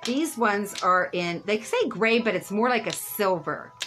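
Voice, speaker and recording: A woman's voice: medium pitch, animated, a little slow, music in the background, rough recording. A middle-aged woman hosting a live sale stream, chatty and rambling, laughing at her own jokes.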